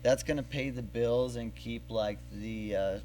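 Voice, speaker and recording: A man's voice: medium pitch, steady tone, unhurried, warm tone, faint music behind. A man hosting a podcast in casual chat, rambling and thinking aloud with fillers. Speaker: podcast host.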